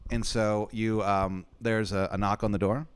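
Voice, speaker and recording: A man running a comedic improvised story game in a rambling, deadpan way, swearing casually. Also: fairly low pitch, normal speed, smooth. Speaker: game master.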